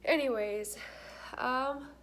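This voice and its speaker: Young woman vlogger, slightly high voice, chatty and candid, plenty of filler words. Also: very slow, a bit bright, slight background noise. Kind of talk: casual chat to camera.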